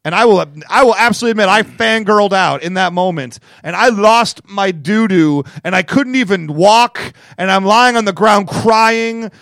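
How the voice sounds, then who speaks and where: A man with a notably high voice talks football on a casual sports show. He gets excited and animated as he tells his stories. The sound is dry and close. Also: normal speed, few pauses, no room sound. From Detroit Lions fan living in Los Angeles. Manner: excitable, tells stories with loud acted-out outbursts. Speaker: sports talk co-host.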